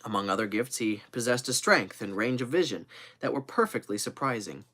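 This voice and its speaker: A man reading a classic novel aloud live, expressive, with occasional slips and fillers. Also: mid-range voice, fairly quick. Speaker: reader.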